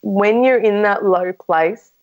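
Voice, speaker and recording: A woman talks as a podcast guest, frank and open as she tells her own story. She often restarts her sentences and uses fillers. Her voice sits at an ordinary middle pitch. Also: slow pace, highs cut off. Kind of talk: casual conversation.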